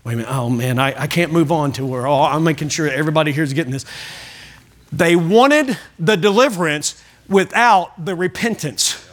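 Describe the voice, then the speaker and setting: In a church sanctuary, a pastor with a fairly high voice preaches at normal speed to his congregation. He is emphatic and repetitive, putting questions directly to the people listening.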